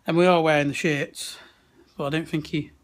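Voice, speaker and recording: A man's voice: fairly high pitch, level tone, moderate pace. A young man from the of England, chatting casually and laughing into a handheld camera at a wrestling event, swearing often. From West Midlands, England. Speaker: vlogger. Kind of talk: casual chat. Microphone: handheld camera at arm's length.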